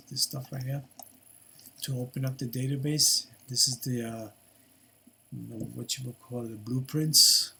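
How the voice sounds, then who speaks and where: A man's voice: medium pitch, pushed and bright, slightly rough. An older man giving a casual programming lesson while he works at his computer, thinking aloud with lots of fillers and restarts. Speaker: programming tutor. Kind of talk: casual screen-recorded coding lesson.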